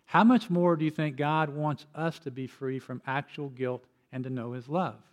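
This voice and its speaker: A man's voice: fairly high pitch, normal speed. An older man preaching a sermon as pastor, telling personal stories in an earnest way with frequent restarts.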